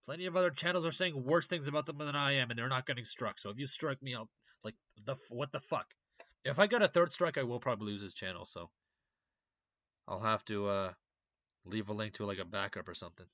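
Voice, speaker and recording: A young man rants into the mic. His voice has a bright, forceful edge, and he swears freely as he lurches between muttering asides and sarcastic outbursts. The recording is dry and a little dull, like a home setup. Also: mid-range voice, fairly quick, no echo. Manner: profane, heated, sarcastic rant. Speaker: political commentary channel host. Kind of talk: casual ranting commentary.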